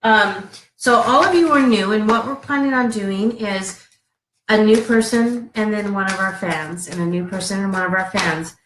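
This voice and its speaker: A woman's voice: mid-range voice, normal speed, fairly bright tone, roomy sound, slight background noise, rough recording. A woman co-hosting a live-stream card reading, chatty and laughing as she reads out names.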